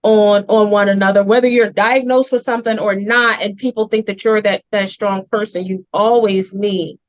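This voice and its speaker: A woman's voice: mid-range voice, steady tone, moderate pace, highs cut off. A woman host and community advocate with a Philadelphia accent, telling a heartfelt story in an earnest, emphatic way on a TV interview show.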